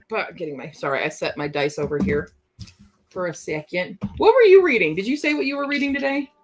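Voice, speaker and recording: A woman's voice: medium pitch, fairly bright tone. Chatty young woman streaming from home. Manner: chatty, giggly, answers chat aloud. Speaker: livestream host. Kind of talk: casual livestream chat.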